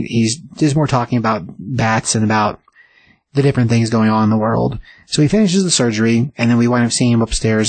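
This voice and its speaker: Husky-voiced man recapping a comic. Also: mid-range voice, dry recording, rough recording. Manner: rambling, filler-heavy, enthusiastic. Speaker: comic book reviewer. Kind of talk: casual comic book recap.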